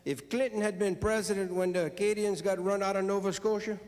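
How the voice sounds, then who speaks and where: He's a storyteller and comedian from South Louisiana, telling stand-up jokes on stage in a folksy Cajun drawl to a live audience. His voice sits high with a darkish tone, fairly even intonation and a slightly fast pace. Long hall reverb colors the sound.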